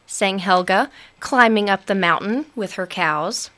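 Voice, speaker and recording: A woman narrating a storybook aloud in an expressive, unhurried manner. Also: medium pitch.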